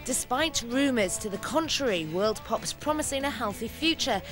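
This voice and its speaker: A woman's voice: fairly high pitch, animated, normal speed, music in the background. A woman reporter reading a news package voice-over in a wry manner.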